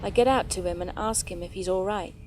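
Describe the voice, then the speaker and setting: A woman narrating true scary stories in a calm, measured storytelling voice. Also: medium pitch. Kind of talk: reading scary stories aloud. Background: faint background music.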